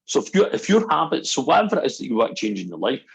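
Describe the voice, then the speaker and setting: Gravelly man telling stories. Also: medium pitch, very fast, low-quality recording. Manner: animated storyteller, acts out quotes. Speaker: guest, NLP practitioner. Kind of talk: casual podcast chat.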